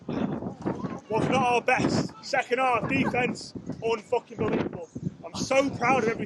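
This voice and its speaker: A man's voice: extremely high pitch, fairly even intonation, unhurried, very noisy. A man coaching, giving an emotional, profane post-game speech to his team on an outdoor field.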